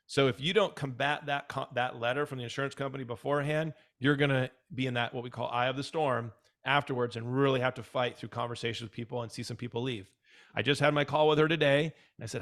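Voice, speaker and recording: A man's voice: medium pitch, fairly even intonation, brisk. A man working as a dental practice consultant, talking casually and with emphasis, often repeating himself and acting out what clients said. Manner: emphatic, repeats words, acts out quoted clients. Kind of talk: casual advisory talk.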